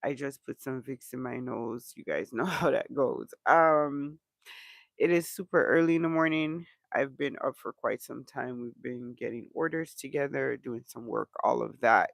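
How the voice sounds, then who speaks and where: A man's voice: medium pitch, moderate pace, vocal fry, a bit bright, no echo. A man hosting a casual reaction chat with a stuffed-up nose, talking in a chatty way with many "um" fillers. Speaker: reaction channel host.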